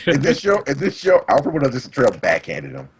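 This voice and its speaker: A young man, co-hosting a casual podcast chat, excitable and quick to laugh. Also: medium pitch, slightly rough. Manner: excitable, jumps between topics, laughs often. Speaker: podcast co-host.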